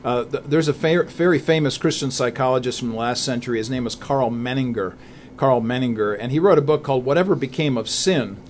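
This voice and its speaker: A man's voice: mid-range voice, brisk, a little hiss or hum. A man co-hosting a Christian talk show, speaking in an earnest, preacherly way and laying out his points one by one. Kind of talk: conversational faith talk.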